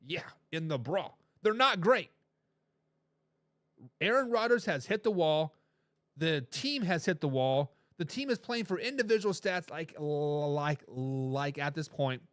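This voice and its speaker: A man's voice: a little high, lively intonation, measured pace, no echo, studio quality. A man hosting a sports talk show, emphatic and repeating phrases to drive his points home. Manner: reads viewer comments aloud with a laugh.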